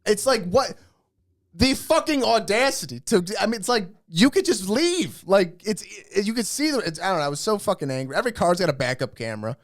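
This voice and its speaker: A man's voice: high voice, very animated, fairly quick, no room sound, clean studio sound. A man co-hosting a comedy podcast, telling profane, ranting stories in casual chat. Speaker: podcast co-host.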